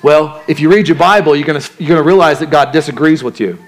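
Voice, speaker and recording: A male pastor with a slightly high voice preaches quickly and conversationally. He asks the congregation questions and acts out the voices in people's heads.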